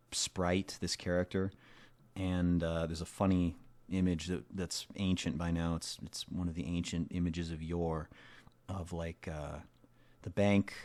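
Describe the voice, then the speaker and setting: A man's voice: low voice, no room sound. A man hosting a let's play, commenting on a game in a rambling, wry, offhand way.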